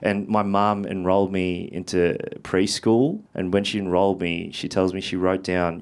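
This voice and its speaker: A man, performing a stand-up comedy routine with profane, animated storytelling and shouted punchlines. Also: low voice, normal speed, few pauses. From Australia. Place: theatre stage with a live audience.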